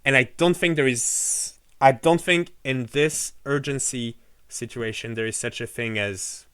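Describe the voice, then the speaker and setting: A man's voice: mid-range voice, a little slow, fairly bright tone, smooth, no room sound. A man from France, talking casually and with passion to his live-stream chat, swearing often and restarting his sentences.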